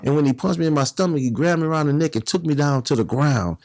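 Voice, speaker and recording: A man's voice: fairly high pitch, quick pace, a little mellow. A middle-aged man telling prison stories in an interview, acting out other people's voices as he goes. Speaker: guest, former gang leader. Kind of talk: storytelling in a podcast interview.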